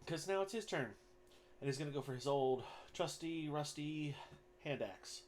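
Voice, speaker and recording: A man running a tabletop game online as game master, narrating in a casual, animated way and making sound effects. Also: fairly high pitch, moderate pace, slight background noise.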